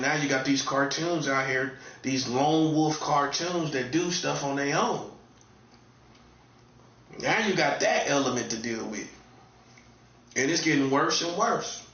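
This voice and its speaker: A man from North Carolina with a Southern accent and a fairly high, fairly bright voice delivers a casual, laid-back monologue as an online commentator. He repeats himself and carries a warning tone. The recording sounds distant, echoey and dull, like lo-fi room audio.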